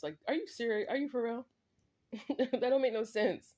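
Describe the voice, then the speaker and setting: A woman's voice: on the high side, normal speed, pauses often, darkish tone. A woman delivering a direct-to-camera spiritual monologue, emphatic and repetitive, with many "like" and "right?" tags and short laughs. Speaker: vlogger.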